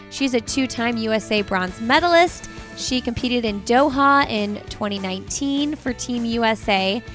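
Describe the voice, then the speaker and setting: A woman's voice: mid-range voice, fairly bright tone. A woman hosting a podcast, chatty and upbeat as she introduces a guest and interviews her. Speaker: podcast host.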